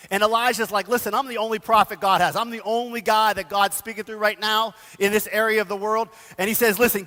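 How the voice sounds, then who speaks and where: Man, pastor, casual animated sermon, bright voice, reverberant church hall. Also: high-pitched. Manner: casual, animated storytelling with slang. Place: church sanctuary.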